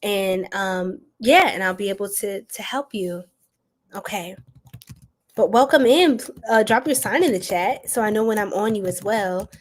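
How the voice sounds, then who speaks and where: A woman's voice: mid-range voice, unhurried. A young woman hosting a live tarot reading, talking casually and playfully to her viewers and laughing often. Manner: addresses viewers as y'all and girl. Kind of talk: casual live-stream chat.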